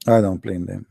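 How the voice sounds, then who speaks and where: A man hosting a call-in show alone, taunting absent callers in broken English and sing-song repetition, often clearing his throat. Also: low voice, warm tone, no echo, studio quality. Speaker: host of a call-in religious debate show. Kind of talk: live call-in show monologue.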